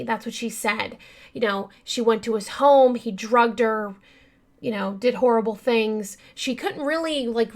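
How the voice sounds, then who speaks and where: A woman hosting a true-crime podcast, telling the story casually with many fillers and talking straight to her listeners, earnest and yawning now and then. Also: a little high. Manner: chatty, many fillers, addresses listeners as you guys; earnest and upset by the case.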